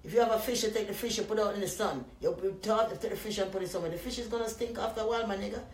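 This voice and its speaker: A Jamaican woman hosts a live stream, rambling loudly and profanely to her viewers. Her voice sits at an ordinary middle pitch. The room around her is echoey. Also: racing. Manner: profane, loud and animated with frequent laughs. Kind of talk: casual rambling chat to viewers.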